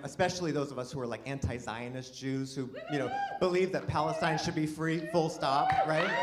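A man's voice: a little high, noisy background. A man performing a live stand-up comedy set, chatty and self-deprecating, with playful asides to the audience.

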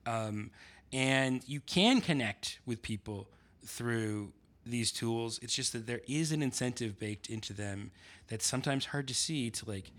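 A man in casual conversation, talking haltingly with many fillers and restarts. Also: mid-range voice, fairly bright tone. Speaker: podcast guest, essayist.

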